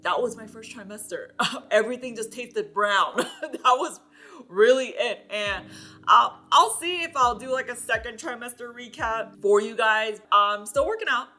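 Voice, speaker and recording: A woman's voice: on the high side, animated, unhurried, pushed and bright. A young woman vlogging in a casual chat to the camera, talking freely with many fillers and frequent laughs.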